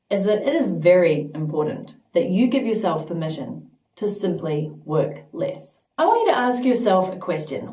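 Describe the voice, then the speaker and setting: A woman's voice: lowish voice, darkish tone, slight background noise. A woman vlogging straight to camera, emphatic and playful, sometimes slipping into mock voices. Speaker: vlogger and business coach. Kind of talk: direct-to-camera vlog. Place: studio at home. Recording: echoey room, mic at a distance.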